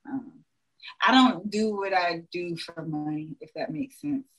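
A woman's voice: lowish voice, expressive, moderate pace, a bit bright, rough recording. A young adult woman, a dentist, talking frankly in a casual podcast chat, full of "like" and "you know".

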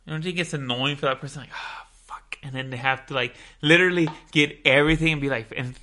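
A man's voice: fairly high pitch, fast, sharp tone. A young man co-hosting a podcast, laid-back and teasing, recounting text exchanges. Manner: laid-back, teasing, quoting texts aloud. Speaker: podcast co-host. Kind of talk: casual chat.

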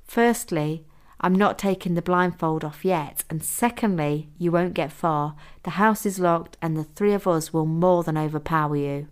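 A woman's voice: fairly low pitch, moderate pace, clean tone, natural voice. A woman doing a silky, domineering female captor. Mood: cool. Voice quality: silky soft voice. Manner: cool, confident, mocking.

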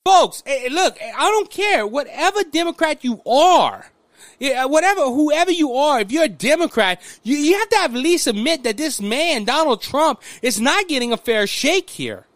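A man from Louisiana with a Southern accent, hosting casual political commentary in an animated, rambling way with frequent restarts. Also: very high-pitched, normal speed, dry recording.

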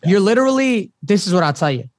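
A man talking as a podcast guest in a halting, rambling way, full of fillers and restarts. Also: high voice, very animated, no echo, studio quality. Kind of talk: casual chat.

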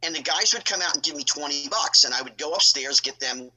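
A middle-aged man telling stories as a podcast guest, animated and acting out other people's lines in his own telling. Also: on the high side, a little fast, low-quality recording. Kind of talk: casual storytelling.

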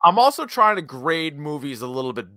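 A man hosts a relaxed podcast chat with a co-host. He rambles, throws in lots of fillers, and leans emphatically on key words. His voice is bright and clear, in a close, dry sound. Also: fairly high pitch, fairly quick, no room sound. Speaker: podcast host reviewing movies. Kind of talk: casual chat.

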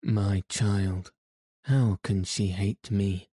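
Male narrator as a guilty husband begging forgiveness; dark tone, slow audiobook delivery. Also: on the low side, steady tone, breathy edge, no echo, studio quality, full character voice. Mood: pleading. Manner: pleading, pitiful. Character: guilty pleading husband, grown man. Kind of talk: audiobook reading.

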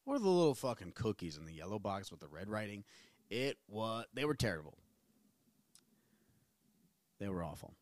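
A man's voice: fairly low pitch, sing-song, normal speed, long pauses, no echo. A man in his thirties hosting a solo podcast from his small home studio, rambling and swearing casually with self-mocking jokes. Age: 30s. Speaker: podcast host.

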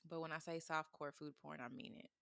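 A woman in casual chat, expressive and playful, breaking into high excited exclamations. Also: a little fast, vocal fry, no echo, studio quality.

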